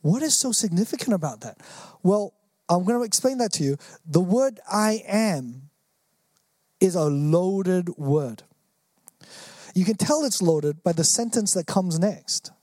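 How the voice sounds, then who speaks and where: An earnest preacher delivers a sermon with strong emphasis. The speaker acts out quoted lines in different voices. The pitch sits in a middle range, and the recording is dry and close with no room echo. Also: animated, measured pace, dark tone.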